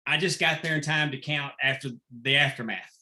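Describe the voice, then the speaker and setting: A man, a longtime wrestling referee, telling lively anecdotes in a casual interview and acting out the quotes. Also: fairly high pitch, a little fast. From Texas. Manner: animated anecdotal storyteller, acts out quotes.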